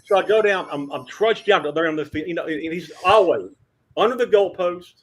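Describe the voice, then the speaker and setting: An older man telling lively sports anecdotes as a podcast guest, acting out quotes and stammering through restarts. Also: high voice, fast, a little hiss or hum. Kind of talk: storytelling in a podcast interview.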